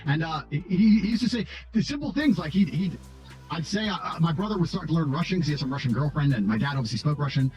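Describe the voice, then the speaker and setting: Give me a fast-talking, foul-mouthed man in a candid interview, slightly high-voiced, with soft music in the background. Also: expressive. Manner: brash, blunt, swears freely. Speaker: interviewee in archived clips. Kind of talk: storytelling interview talk.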